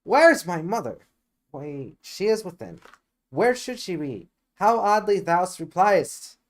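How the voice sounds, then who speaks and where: An eager, impatient young girl in love, pleading in a raised voice, as a man puts her on. She speaks slowly in an amateur reading of a Shakespeare play. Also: a little high, big pitch swings, voice pushed up, heavily acted.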